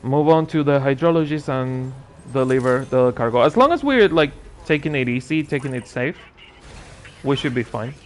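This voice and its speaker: Giving casual gameplay commentary, this streamer talks at a moderate pace in a medium-pitched voice with lively intonation. He chats and mutters dryly sarcastic asides to himself.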